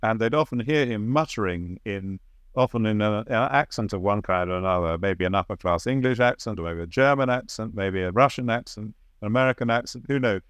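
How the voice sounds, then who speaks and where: Guy author talking about his book, lowish voice, kinda reflective, dry close sound. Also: fairly quick, clean tone, dry recording. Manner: reflective, searching for the right word. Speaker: author and biographer, guest. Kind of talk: conversational interview answers.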